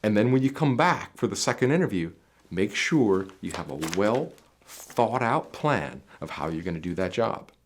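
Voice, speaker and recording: A man's voice: lowish voice, big pitch swings, moderate pace, slight background noise. A man coaching viewers on job interviews in an emphatic, repetitive advice monologue that speaks straight to the listener.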